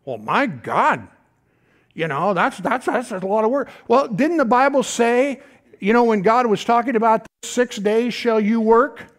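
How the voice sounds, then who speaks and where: A middle-aged man preaching a sermon in a folksy, animated way, tossing out asides to the congregation. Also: very high-pitched, normal speed. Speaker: pastor.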